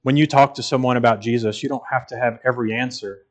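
A man's voice: medium pitch, fairly even intonation, a little fast. A man preaching a sermon in an earnest, emphatic way, repeating phrases for stress.

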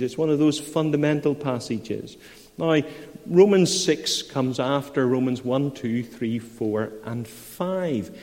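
A man's voice: mid-range voice, a little mellow. A man preaching a sermon as pastor, reading scripture and then explaining it in earnest, rising emphasis. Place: church. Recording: long church reverb.

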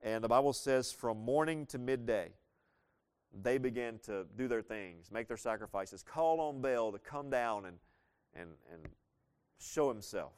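A man preaching a sermon, explaining a Bible story in a conversational way with playful asides and reading scripture slowly. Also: mid-range voice, darkish tone, smooth.

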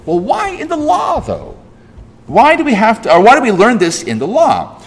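A man's voice: wildly swooping pitch, moderate pace, slightly rough. A man preaching a sermon as pastor, emphatic and full of rhetorical questions, his voice rising and dropping sharply for stress. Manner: emphatic, rhetorical questions, big swings in pitch and loudness. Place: church sanctuary. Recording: long hall reverb.

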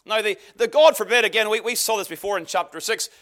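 A man's voice: high voice, fast, bright, forceful tone. A man preaching a sermon, emphatic and earnest, often repeating words for stress. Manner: emphatic, varied delivery with repeated phrases.

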